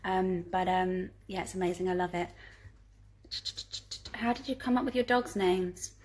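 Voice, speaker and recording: A woman's voice: lowish voice, moderate pace, darkish tone, a little hiss or hum. A woman, chatting casually on a live stream from home and reading out viewer questions, giggly and full of ums. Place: home living room.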